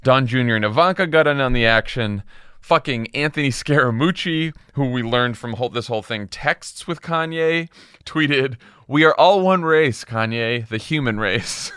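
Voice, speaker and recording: A man's voice: mid-range voice, animated, moderate pace, sharp tone, clear, resonant tone, dry recording, clean studio sound. A man co-hosting a casual political podcast, sardonic and often laughing. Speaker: co-host.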